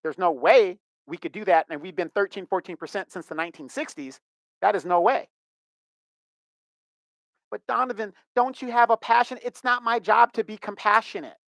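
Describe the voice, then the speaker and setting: A man's voice: high voice, brisk, a bit bright, no echo. Middle-aged guy vlogging a rant, indignant n emphatic, dry close sound. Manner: emphatic, indignant, repeats himself. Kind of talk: ranting commentary.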